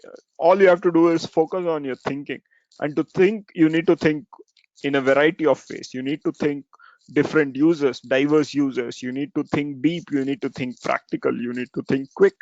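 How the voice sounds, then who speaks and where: A man explains testing ideas in a loose, conversational way, tossing in frequent fillers and tag questions. His voice sits a bit high with a gravelly edge. The recording is dry and a little dull. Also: darkish tone, dry recording. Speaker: software testing speaker. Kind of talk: informal talk.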